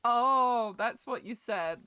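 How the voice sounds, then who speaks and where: A woman's voice: on the high side, takes it slowly, pushed and bright, clear, resonant tone, no echo. A young woman streaming a game and chatting casually with her viewers, giggling and swearing freely while sounding ill with a cough.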